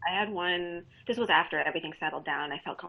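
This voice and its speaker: A fairly low-pitched woman speaks candidly as a guest comedian, often breaking into laughter mid-story. The recording sounds slightly dull and lo-fi, like a casual podcast. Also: fast talker, gravelly. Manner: candid, laughs often while telling stories.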